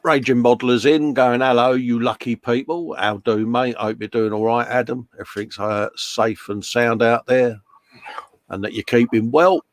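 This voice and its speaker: A man's voice: mid-range voice, fairly even intonation, moderate pace, dry recording. A man hosting a casual live chat from his workshop, laughing often and reading out viewer comments. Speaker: host. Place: home workshop.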